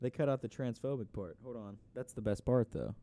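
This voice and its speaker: A man's voice: medium pitch, a little fast, mellow, a little hiss or hum. A man co-hosting a casual podcast, rambling with lots of fillers and swearing. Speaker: podcast co-host.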